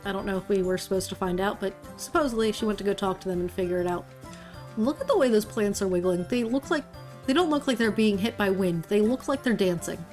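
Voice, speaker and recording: A woman's voice: mid-range voice, quick pace, darkish tone, faint music behind. A woman streaming a video game, casually recapping the story with frequent "um" and "like" as she plays. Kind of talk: casual let's-play commentary.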